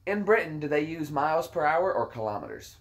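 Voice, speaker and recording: A man's voice: a little high, sing-song, a little fast. A man hosting a casual chat, telling rambling, jokey stories. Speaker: host.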